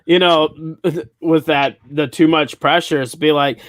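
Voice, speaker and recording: A man with a fairly high speaking voice hosts a comedy podcast, workshopping jokes in loose, casual chat. He laughs often and riffs aloud. The sound is dry and close, with no room around it. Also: fairly even intonation, unhurried, hardly any pauses, fairly bright tone, no echo.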